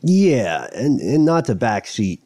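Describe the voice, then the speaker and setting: A man's voice: mid-range voice, very animated, takes it slowly, a little mellow, dry recording. A man co-hosting a podcast, telling a story in a casual, jokey way and slipping into mock voices. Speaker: podcast co-host.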